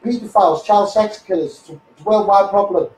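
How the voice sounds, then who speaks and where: A man's voice: sits high, brisk, darkish tone, roomy sound, recorded from a distance, slight background noise, poor audio. A man with a Scouse accent ranting to camera on a livestream, fired up and repetitive, calling his viewers mate. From England. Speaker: self-styled campaigner on a livestream. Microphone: phone livestream.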